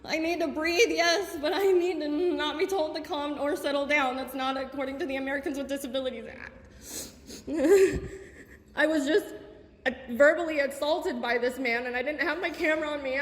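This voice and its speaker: A woman making an agitated, tearful complaint in an office, panicking and loud, recorded on her phone. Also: high voice, fairly even intonation, fairly quick, roomy sound, in a large hall. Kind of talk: heated confrontation filmed on phone. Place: indoors, apartment complex office. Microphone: phone camera.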